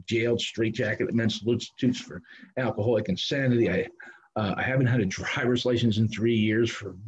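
A man's voice: lowish voice, dull audio. A middle-aged man telling his recovery story in a candid, rambling, self-mocking way, with many restarts. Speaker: recovery speaker.

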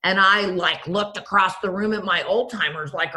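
A woman's voice: lowish voice, fairly even intonation, moderate pace, hardly any pauses, sharp tone. A woman sharing her recovery story at a meeting, self-mocking and funny, and she keeps addressing the room directly. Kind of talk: humorous personal testimony at a recovery meeting.

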